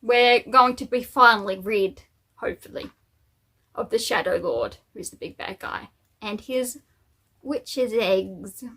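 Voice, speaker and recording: A woman's voice: a little high, lively intonation, slow pace, a bit bright, husky. A woman book vlogger chatting casually and cheerfully about the books she plans to read, with little asides and fillers. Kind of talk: casual chat.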